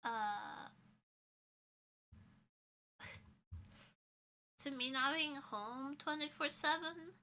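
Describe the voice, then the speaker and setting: A woman's voice: high-pitched, very slow, long pauses, pushed and bright. A young woman streamer in casual chat with a sore throat, playful and giggly, cracking crude jokes.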